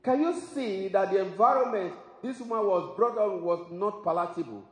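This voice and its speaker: Male preacher, somewhat high voice, emphatic sermon delivery, roomy hall reverb. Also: animated, moderate pace. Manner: emphatic preaching with exclamations and laughs. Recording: echoey hall with long reverb.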